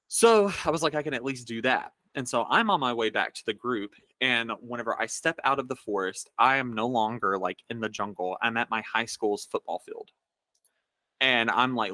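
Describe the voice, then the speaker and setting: A man's voice: on the low side, pushed and bright, no room sound. A man co-hosting a podcast, telling a dream story casually in a rambling way with many fillers. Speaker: podcast co-host.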